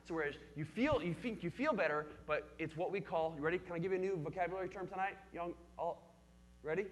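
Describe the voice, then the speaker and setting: A man's voice: high voice, quick pace, big-room sound, slight background noise. A man leading a church youth group, teaching in an engaging way and calling on the young people by name with questions.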